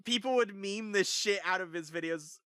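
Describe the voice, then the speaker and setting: A streamer talks over a video in live reaction commentary, with a bright, sharp tone up close on a dry mic. The talk rambles through fillers and spills into disbelieving giggles. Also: medium pitch, normal speed, clean tone, no echo.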